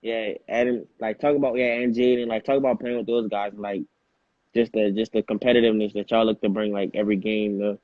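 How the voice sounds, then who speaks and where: A man's voice: fairly low pitch, flat delivery, fairly quick, no room sound. A man interviewing a young athlete, asking questions casually and saying "like" and "for sure" a lot. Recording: dry, phone-like line.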